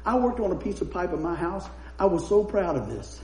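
A man's voice: high voice, sing-song, a little fast, darkish tone. A man preaching a sermon, chatty and laughing as he tells anecdotes. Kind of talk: sermon with humorous storytelling. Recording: roomy echo.

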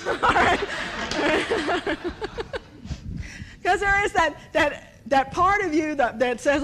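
High-voiced woman preaching with humor. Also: slow, long pauses, background noise. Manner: animated, storytelling, acts out dialogue, laughs often. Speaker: speaker at a church service. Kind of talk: humorous sermon with stories.

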